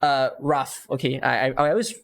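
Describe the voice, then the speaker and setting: A man with a mid-range, fairly bright voice coaches a stream viewer on game strategy at a moderate pace. He's patient, working through it with lots of rhetorical questions.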